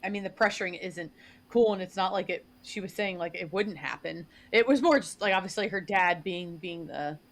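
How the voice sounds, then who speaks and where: A woman's voice: lowish voice, normal speed. A woman hosting a casual podcast, thinking aloud hesitantly with many fillers. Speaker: podcast host.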